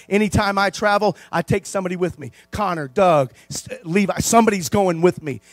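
A man preaching from the pulpit in a high, ringing voice. He calls out for amens and swings between hushed low stretches and loud, rising bursts. The sound is dry and close. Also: dry recording. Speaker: pastor. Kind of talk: sermon.

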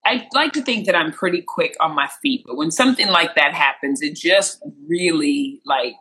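Entertainment interviewer from rural Missouri, animated storyteller, bright and forceful delivery. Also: normal speed, poor audio. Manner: animated, acts out quotes with sharp jumps in pitch. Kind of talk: personal storytelling.

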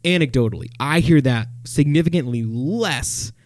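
Young podcast guy thinking out loud, lots of restarts, dry close sound. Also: mid-range voice, moderate pace, no room sound. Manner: thoughtful, hesitant, with many restarts. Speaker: podcast co-host. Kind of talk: casual chat.

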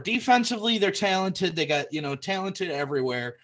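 A man co-hosting a live sports prediction show, excitable and rambling, laughing easily. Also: high-pitched, brisk. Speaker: podcast co-host. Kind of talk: casual sports prediction chat. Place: home setup streamed live.

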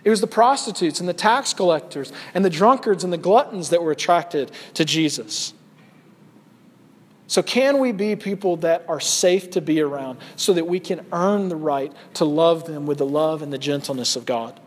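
A man's voice: a little high, normal speed. A man in his thirties preaching an earnest sermon as a pastor, pressing questions on his listeners. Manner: earnest, rising to loud acted shouts in quotes. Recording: long hall reverb.

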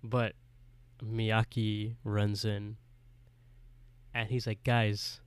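A man's voice: fairly low pitch, steady tone, a little slow, gravelly, darkish tone. A man co-hosting a podcast, retelling a horror story in casual chat and laughing often as he goes. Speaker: podcast co-host.

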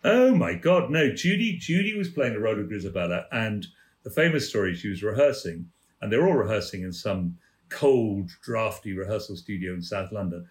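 A man's voice: fairly low pitch, expressive, moderate pace. An older man, a theatre producer and guest, telling stories in a leisurely, amused way and acting out the people in them. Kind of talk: anecdotal storytelling.

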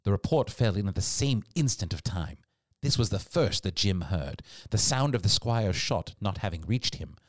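Low-voiced man narrating expressively. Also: normal speed, dry recording, studio quality. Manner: expressive storytelling read. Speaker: audiobook narrator. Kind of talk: scripted narration.

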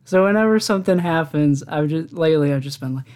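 A man's voice: fairly high pitch, expressive, fast talker, darkish tone. A man hosting his own podcast alone, telling rambling stories in casual chat and often laughing at them. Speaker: podcast host.

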